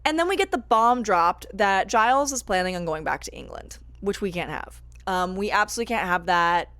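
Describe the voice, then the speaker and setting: A woman's voice: medium pitch, brisk, no room sound. Chatty woman reviewing a show, dry sound. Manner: chatty, animated, self-deprecating. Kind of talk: casual vlog commentary.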